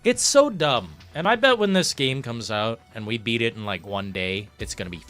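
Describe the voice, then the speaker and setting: A man hosting a live gaming stream, ranting with profanity, swinging from low muttering to loud outbursts. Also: animated, normal speed. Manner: reads chat messages aloud. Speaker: livestream host. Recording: faint background music.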